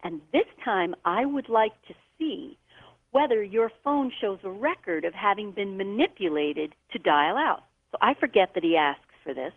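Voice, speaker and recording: A woman, a guest on the show, telling a personal story in an animated way and acting out the voices of the people she quotes. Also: medium pitch, normal speed, no echo. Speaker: guest author. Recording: tinny phone line.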